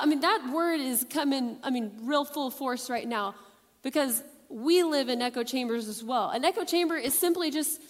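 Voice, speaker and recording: A woman preaching a youth sermon in a lively, conversational way, asking the audience questions. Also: sits high. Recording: long hall reverb.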